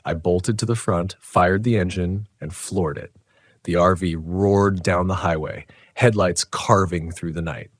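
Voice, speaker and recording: Male narrator, deep, dry booth sound, tense hushed horror storytelling. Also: no room sound.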